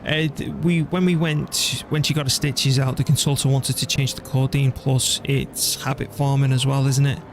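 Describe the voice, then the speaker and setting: A man streaming a strategy game, chatting casually and thinking out loud as he plays, laughing easily. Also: mid-range voice, little pitch movement, moderate pace, few pauses, background noise. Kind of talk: casual gameplay commentary.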